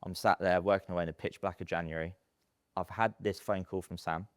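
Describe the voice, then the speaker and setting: A man in his thirties, telling stories in a casual podcast interview, chatty and animated with plenty of fillers. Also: deep voice, a little fast, no echo, clean studio sound. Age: 30s. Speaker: podcast guest, estate agency businessman.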